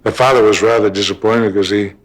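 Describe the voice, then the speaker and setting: An older actor telling stories from his career in an interview, lively and acting out the voices of people he quotes. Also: on the low side, fairly quick. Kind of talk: storytelling interview.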